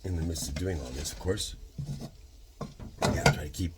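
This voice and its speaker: A man in his sixties with a Michigan accent and a bass voice vlogs casually from his home kitchen while cooking. He wanders off into philosophical tangents, talking fast in bursts, and the recording is very noisy.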